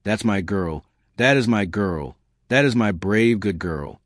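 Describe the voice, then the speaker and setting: A man's voice: fairly low pitch, animated, a little slow, no room sound, studio quality. A man voicing a tender older woman, a motherly ranch cook, in a thick, choked voice.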